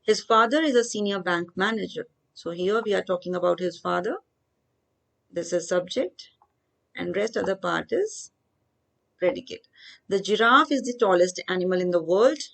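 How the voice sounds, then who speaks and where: A woman teaching grammar. She reads each worksheet example slowly, then explains the answer step by step. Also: fairly low pitch, vocal fry, a bit bright. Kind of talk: worksheet walkthrough lesson.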